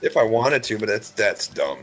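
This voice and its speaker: A man's voice: lowish voice, big pitch swings, normal speed, faint music behind, rough recording. A man in casual podcast chat, dry and offhand, joking about his own jobs. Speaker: podcast co-host.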